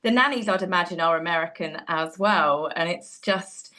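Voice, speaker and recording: A woman's voice: medium pitch, expressive, moderate pace, hardly any pauses, bright, forceful tone. A woman, a pundit giving opinionated commentary in a mocking, incredulous way.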